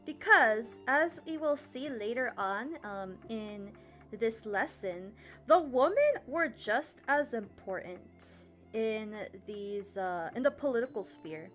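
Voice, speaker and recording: A woman's voice: on the high side, animated, slow, a bit bright. Chatty woman streamer, faint music behind. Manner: chatty, rambling with many fillers, laughs often. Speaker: history streamer teaching a lesson. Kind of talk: casual livestream lesson, reading chat.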